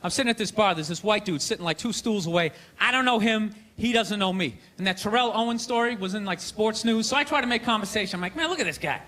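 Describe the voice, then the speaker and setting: A man doing a stand-up comedy set on a theater stage, ranting and mocking with loud shouted bursts. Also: sits high, quick pace, hardly any pauses. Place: theater stage with live audience. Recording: live show with crowd noise.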